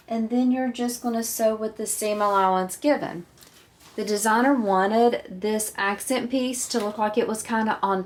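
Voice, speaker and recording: A woman of middling pitch guides viewers through a sewing project. She talks calmly and patiently, one step at a time, like an instructor working at her own table. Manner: calm, patient, walks through each step.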